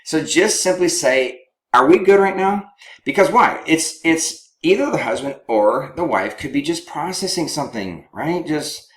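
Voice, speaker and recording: A man with a fairly high voice and big swings in pitch talks at a moderate pace with few pauses. Working as a counselor, he teaches couples communication conversationally and often checks in with those listening, and there's a roomy echo on the recording.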